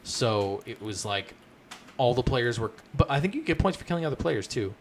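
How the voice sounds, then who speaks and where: A young man co-hosting a gaming podcast, talking in an excitable way, swearing casually as he describes game modes. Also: medium pitch, moderate pace, a little hiss or hum. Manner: excitable, swears, animated retelling. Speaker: podcast co-host.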